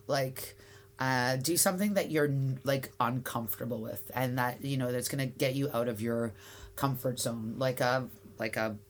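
A woman's voice: very deep voice, a little hiss or hum. A woman in her forties with a Canadian accent, chatting as an interview guest in a rambling way with many fillers and restarts. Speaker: guest, bagel shop founder. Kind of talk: casual interview chat.

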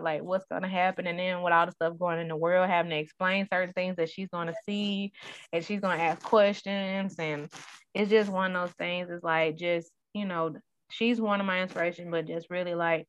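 A woman in her thirties in casual conversation, an animated storyteller who acts out the voices in her stories. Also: fairly low pitch, clear, resonant tone, no echo. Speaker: guest sharing her story. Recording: dull, dry sound.

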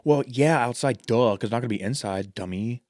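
A man with a Southern American accent co-hosting a podcast in casual chat, loose and profane, joking around and now and then breaking into loud mock voices. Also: mid-range voice, a little fast, no echo, clean studio sound. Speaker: podcast co-host.

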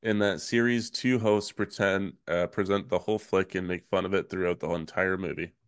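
A man hosting a podcast, talking in a laid-back, rambling way with fillers and soft laughs. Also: low-pitched, steady tone, normal speed, clear, resonant tone, no room sound, studio quality. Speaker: podcast host. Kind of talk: casual chat.

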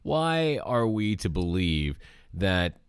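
Low-voiced podcast co-host with a swooping delivery. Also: male voice, sing-song, takes it slowly, clear, resonant tone, dry recording, studio quality. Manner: playful, quizzes his co-host like a game-show host. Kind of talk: casual movie-discussion chat.

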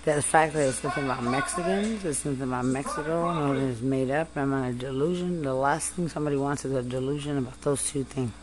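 A woman in an angry personal rant, furious and accusing, repeating herself, cursing and often yelling. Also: a bass voice, brisk, hardly any pauses.

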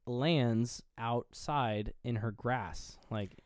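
A man's voice: medium pitch, extremely slow, a little mellow, no echo, studio quality. A man co-hosting a podcast, casually retelling a horror movie scene by scene, rambling, swearing freely and laughing at himself. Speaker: podcast co-host.

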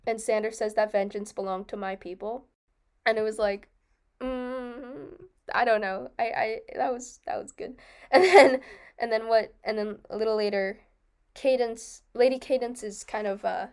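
A young woman co-hosting a casual book discussion, chatty and quick to laugh, often restarting and correcting herself. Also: medium pitch, a little mellow, smooth. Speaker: podcast co-host.

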